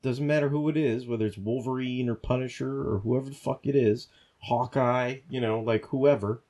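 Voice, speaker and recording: A man on a podcast ranting in a heated, profane flow, stumbling over restarts as he builds up steam. His voice sits at an ordinary middle pitch and he swears almost every line. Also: fairly even intonation, normal speed, dark tone. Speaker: podcast co-host. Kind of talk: profane casual rant.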